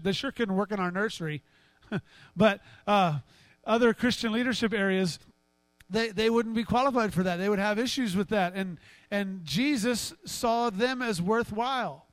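A pastor with a high-sitting man's voice preaches a sermon, chatting and joking with his congregation. He acts out Bible dialogue in a raised, animated voice. There's no echo on the recording.

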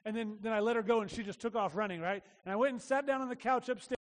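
Male pastor, conversational sermon, high voice, animated, echoing church hall. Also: fast talker.

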